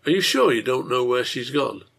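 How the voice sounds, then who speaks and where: A quick-tempered innkeeper blusters and snaps, as a man reads him aloud. The voice is rough and gravelly, with a husky edge. He sits in a middle pitch, neither high nor deep. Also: animated, a bit bright, exaggerated voice. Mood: questioning. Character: angry grown male innkeeper.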